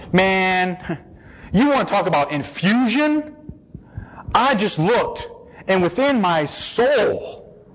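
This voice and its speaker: A man giving an animated personal testimony, a husky, excitable storyteller who acts out the quotes and laughs often. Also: high voice, poor audio.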